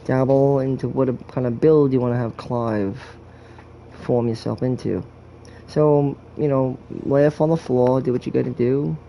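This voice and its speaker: A man's voice: mid-range voice, fairly even intonation, measured pace, vocal fry, warm tone, a little hiss or hum. A man giving a joking, rambling walkthrough commentary on a video game, full of crude jokes and swearing.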